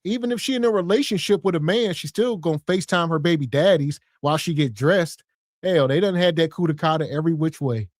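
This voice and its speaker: A man's voice: a little high, quick pace, dry recording, clean studio sound. A man co-hosting a podcast in casual, laid-back commentary. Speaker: podcast co-host.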